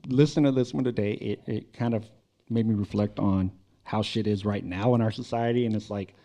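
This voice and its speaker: A man's voice: on the low side, fairly even intonation, fairly quick, dark tone. A man hosting a podcast, chatting casually and profanely about hip hop, with loose rambling restarts. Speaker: podcast host. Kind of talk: casual music chat.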